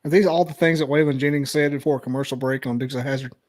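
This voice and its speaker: A man's voice: mid-range voice, steady tone, rapid-fire, a little mellow, no echo. A man joking around with wisecracks as a guest in casual podcast chat.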